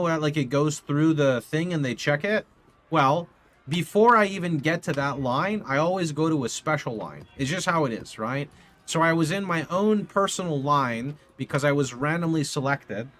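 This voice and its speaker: A young man streaming from his home setup, telling a rambling, animated story to his live chat and swearing casually into a studio mic. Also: a little high, moderate pace. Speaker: video game streamer. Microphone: condenser studio mic.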